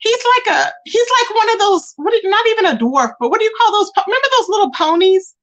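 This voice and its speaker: A woman hosting a live stream, chatting casually with viewers and mocking a rival in an animated way. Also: extremely high pitch, fast. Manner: animated and mocking, addressing chat as y'all. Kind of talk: casual gossip commentary.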